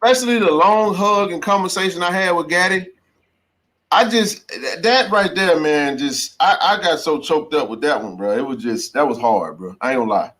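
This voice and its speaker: A man's voice: on the high side, moderate pace, a bit bright. A man hosting a call-in sports podcast, talking emphatically and preachily, dropping "bro" and "man" often. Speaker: podcast host. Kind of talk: casual call-in chat.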